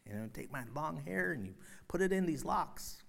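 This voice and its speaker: A man preaching a sermon, retelling a story in a loose, conversational way with many fillers and sudden loud, emphatic bursts. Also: on the high side, lively intonation, normal speed, creaky. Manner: frequent fillers and restarts, conversational.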